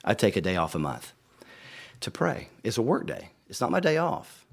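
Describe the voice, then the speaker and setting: A man's voice: on the low side, huge pitch swings, moderate pace, vocal fry, slightly rough. A middle-aged man, a pastor, preaching earnestly to fellow pastors in a conversational storytelling way, often repeating words.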